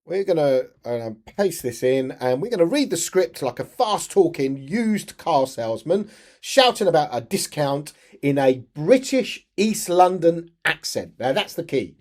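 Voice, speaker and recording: A man talking teachers through a software tutorial in a chatty, step-by-step way. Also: on the high side, sing-song, measured pace. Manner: chatty, step-by-step, frequent restarts. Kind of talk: screen-share tutorial narration.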